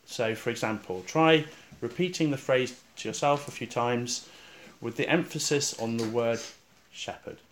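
A male preacher leading a guided scripture meditation, speaking calmly and reflectively with slow pauses, going soft and quiet on repeated verses. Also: medium pitch, slight background noise.

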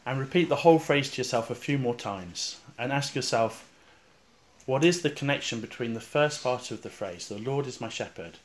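Male preacher, sermon-style guided meditation, calm and reflective, unhurried with pauses, hushed on recited verses. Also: medium pitch. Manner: calm and reflective, with slow pauses, dropping soft on repeated verses.

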